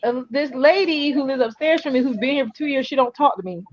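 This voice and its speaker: A woman in casual chat, telling an animated story full of quoted dialogue. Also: high-pitched, quick pace, no echo, highs cut off. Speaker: co-host.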